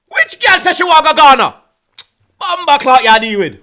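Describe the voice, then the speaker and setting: A man with a Jamaican accent hosting a stream, ranting loudly and teasingly in slang and patois. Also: very high-pitched, sing-song, moderate pace. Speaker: host. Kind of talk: heated livestream rant.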